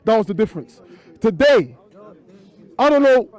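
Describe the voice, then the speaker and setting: A man's voice: very high voice, expressive, normal speed, a little mellow. A man, a football fan, bluntly criticising players to camera. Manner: blunt, cutting, dismissive. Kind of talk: angry fan rant to camera.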